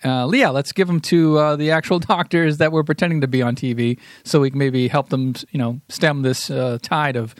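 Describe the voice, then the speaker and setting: A man co-hosting a podcast, speaking in an unhurried, hesitant way with many fillers. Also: on the high side, steady tone, no echo, studio quality. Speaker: podcast co-host. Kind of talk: casual podcast chat.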